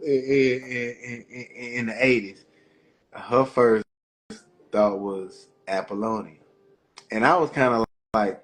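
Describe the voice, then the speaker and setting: A man's voice: medium pitch, animated, a little slow. A man co-hosting a podcast, talking in a laid-back, slangy way and often repeating himself. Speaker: podcast co-host. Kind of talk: casual chat.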